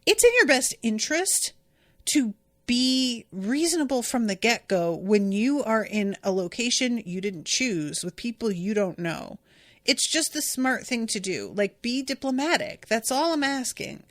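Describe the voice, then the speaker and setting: A woman's voice: on the high side, no echo, studio quality. A woman hosting a podcast, recapping an episode in a chatty, exasperated way with lots of filler words. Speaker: podcast host. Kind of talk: casual episode recap and commentary.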